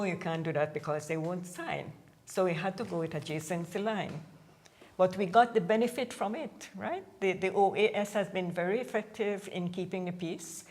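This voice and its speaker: A woman's voice: mid-range voice, moderate pace, a little mellow. A woman guest on a talk show, explaining a point emphatically and often repeating herself.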